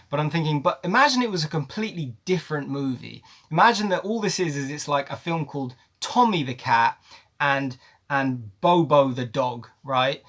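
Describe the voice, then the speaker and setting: Ranting man reviewing a film, high-pitched. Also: lively intonation, moderate pace, fairly bright tone. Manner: emphatic, ranting, repeats words for stress. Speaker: movie reviewer. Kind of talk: casual opinionated film review.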